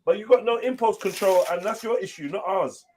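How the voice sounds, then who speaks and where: A man hosting a live online panel discussion, firm and quick to cut people off. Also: high-pitched, crowd noise. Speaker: panel host.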